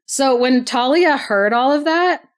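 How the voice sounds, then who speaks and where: A woman's voice: sits high, expressive, measured pace, smooth. A woman co-hosting a podcast, casually retelling a story with lots of "like" and frequent laughter. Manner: chatty, laughs often, heavy use of "like". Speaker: podcast co-host.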